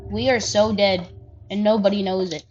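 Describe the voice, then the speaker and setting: A woman's voice: mid-range voice, fairly even intonation, normal speed. A woman giving let's-play commentary, thinking aloud, counting under her breath and swearing freely. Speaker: gaming channel host. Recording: slightly dull audio with loud game music.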